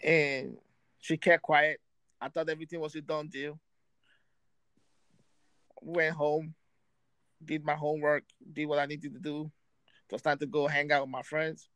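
A man hosting a podcast, telling a story casually in streetwise slang, animated, raising his voice for quoted friends. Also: a little high, unhurried, long pauses, clean tone, no room sound, low-quality recording. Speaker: podcast host.

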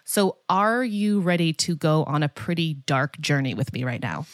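A woman's voice: deep voice, animated, normal speed, no echo, clean studio sound. A woman co-hosting a podcast as a dietitian, chatting casually and leaning on "like" a lot. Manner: chatty, lots of filler "like".

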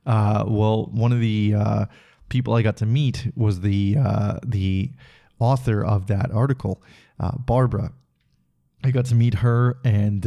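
A man's voice: fairly low pitch, mellow. A man hosting a reflective solo podcast, rambling through stories with lots of filler words. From Canada. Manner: rambling, heavy with filler words, laughs while telling stories. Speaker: podcast host.

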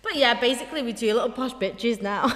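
A woman's voice: fairly high pitch, brisk, in a large hall, crowd noise. A young woman co-hosting a podcast, chatting casually and playfully, slipping into mock voices. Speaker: podcast co-host. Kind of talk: casual chat.

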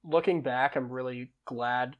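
A man's voice: medium pitch, measured pace, lo-fi sound. A young man talks casually as a podcast guest, telling stories in an easygoing way. His voice sits in the middle of the male range. He drifts through fillers and self-corrections as he talks. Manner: lively storyteller who laughs and acts out quoted lines. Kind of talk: conversational storytelling.

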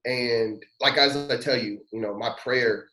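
A man's voice: medium pitch, steady tone, a little slow, bright, forceful tone, soft background music. Earnest pastor telling his story, roomy echo. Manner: earnest, heartfelt, casual slang and fillers. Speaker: pastor, podcast guest. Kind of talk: personal storytelling testimony.

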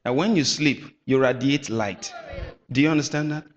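A man preaching a sermon with emphatic bursts, shouting at times and calling on the congregation to answer back. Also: mid-range voice, moderate pace, a little hiss or hum. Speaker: pastor. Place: church hall. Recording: echoey hall.

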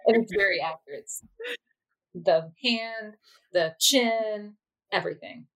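A woman's voice: mid-range voice, slow pace, gravelly, low-quality recording. A woman hosting a podcast interview, asking friendly follow-up questions. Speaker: podcast host.

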